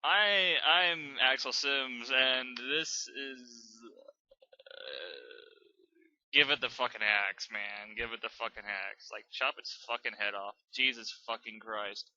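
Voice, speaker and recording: A man's voice: medium pitch, a little slow, hardly any pauses, bright, forceful tone, no room sound, dull audio. A young man reading fanfiction aloud and then ranting about it, exasperated and sarcastic, swearing often. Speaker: channel host reviewing fanfiction. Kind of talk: dramatic reading and rant commentary.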